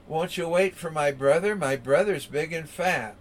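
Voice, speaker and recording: A man's voice: on the high side, moderate pace, recorded from a distance, natural voice. A man voicing a small male billy goat from a storybook, pleading in a raised voice.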